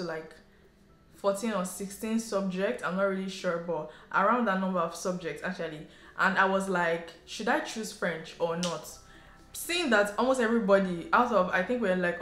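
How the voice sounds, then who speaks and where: A woman from Nigeria with a Nigerian English accent, telling a story to camera in a chatty, animated way and sprinkling in local slang. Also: medium pitch. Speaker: vlogger. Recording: roomy echo, faint background music.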